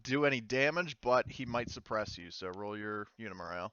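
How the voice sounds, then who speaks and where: A man's voice: on the low side, lively intonation, fairly quick, fairly bright tone, clean tone, dry recording. A man running a tabletop war game as game master, talking loosely with lots of fillers and restarts. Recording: slightly dull, lo-fi mic.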